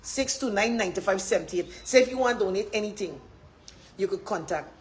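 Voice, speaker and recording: A woman with a Guyanese accent, speaking passionately as a political campaigner on a livestream, often rising into loud, emphatic shouts. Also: mid-range voice, expressive, fairly quick, low-quality recording.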